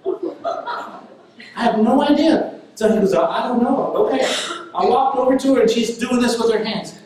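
Male preacher, high voice, animated storytelling, very echoey hall, distant mic. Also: a little fast, slight background noise. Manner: animated storytelling, laughs while telling. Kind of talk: sermon storytelling.

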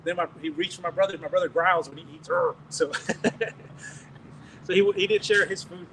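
An American pastor with a high voice delivers a storytelling sermon and testimony at a normal pace, telling animated stories with chuckles and restarting phrases. He sounds slightly far from the mic, with faint background noise beneath his words.

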